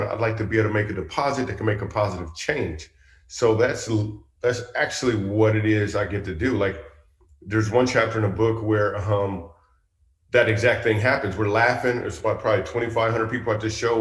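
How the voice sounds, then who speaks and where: A middle-aged male comedian telling stories in an animated, chatty interview style. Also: lowish voice, roomy sound. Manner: animated, chatty storytelling with asides. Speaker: comedian guest. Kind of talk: storytelling interview.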